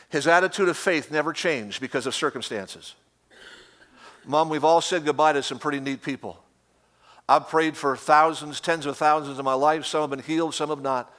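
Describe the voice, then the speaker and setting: A man's voice: fairly high pitch, fairly even intonation, moderate pace, a bit bright. A middle-aged man preaching a sermon with fervent, emphatic repetition.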